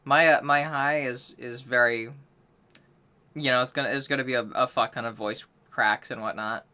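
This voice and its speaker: A woman's voice: extremely low pitch, fairly even intonation, moderate pace, sharp tone, clean tone. A woman streamer chatting loosely during a voice-training session, swearing casually and apologizing for being out of practice. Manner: self-deprecating, apologetic about being out of practice.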